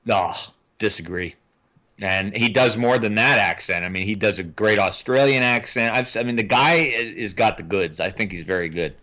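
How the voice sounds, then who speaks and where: A man's voice: lowish voice, moderate pace, pushed and bright. A man co-hosting a film podcast in casual chat, rambling with restarts and easy laughs. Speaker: podcast co-host. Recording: slightly dull lo-fi audio.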